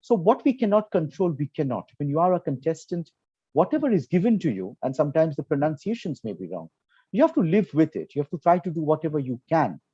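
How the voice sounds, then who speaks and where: A man's voice: on the high side, very animated, fast, mellow, slightly rough, no room sound. Bengali-accented male panelist, earnest explainer, dry muffled online audio. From Kolkata, India. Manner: earnest, explanatory, with frequent fillers. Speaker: program quality director.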